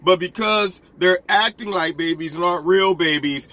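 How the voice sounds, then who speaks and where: A man giving opinionated political commentary in an animated, argumentative way, full of rhetorical questions. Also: high voice, moderate pace.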